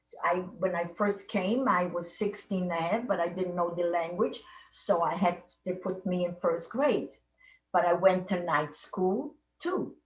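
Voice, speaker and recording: A woman's voice: fairly low pitch, unhurried. A woman in her eighties with a foreign accent, telling her life story in a meandering, repetitive way, circling back and restarting her sentences. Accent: foreign accent in English. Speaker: Holocaust survivor interviewee. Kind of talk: oral history storytelling. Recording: dull, echoey, distant audio.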